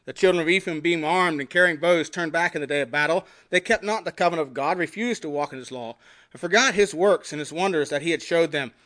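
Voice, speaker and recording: High-voiced man preaching a sermon. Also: fast. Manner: preaching with scripture readings in King James wording; swings between emphatic rises and quiet drops. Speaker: pastor.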